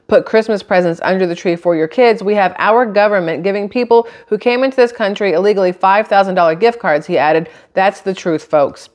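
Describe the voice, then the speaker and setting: Woman, channel host, low voice, casual news commentary, opinionated, reads aloud then riffs. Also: darkish tone. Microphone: camera microphone.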